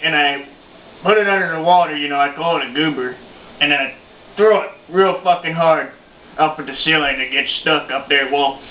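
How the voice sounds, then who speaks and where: Man putting on a cussing old redneck guy in his sixties, rambling, slightly high voice, roomy dull lo-fi recording. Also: close to an everyday voice. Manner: rambling, profane storytelling. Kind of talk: comedic character monologue. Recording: roomy, dull lo-fi home video.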